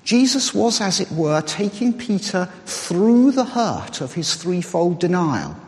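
A man preaching a sermon, explaining in a measured way and reasoning aloud. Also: sits high, sing-song, darkish tone. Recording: reverberant hall.

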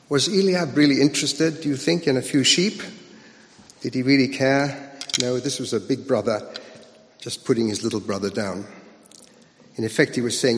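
A man's voice: mid-range voice, normal speed. Man preaching in a reverberant hall. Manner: conversational, asks the listeners rhetorical questions. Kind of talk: sermon.

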